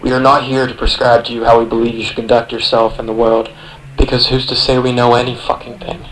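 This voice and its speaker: A man's voice: medium pitch, flat delivery, fast talker, fairly bright tone, faint music behind, low-quality recording. A young man reading a scripted voice-over for a video essay, sardonic and profane, speaking straight to the listener. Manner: sardonic, profane, second-person address.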